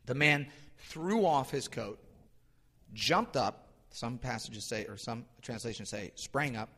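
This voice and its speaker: A man preaching a sermon as a pastor, animated, rising for emphasis and slowing on key lines. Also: mid-range voice, breathy edge. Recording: long hall reverb.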